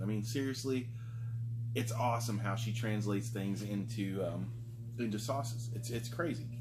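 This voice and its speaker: Host, male, somewhat low voice, loose rambling vlog chat. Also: noisy background. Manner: chatty and rambling, frequent fillers. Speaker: food review show host. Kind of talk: casual vlog talk.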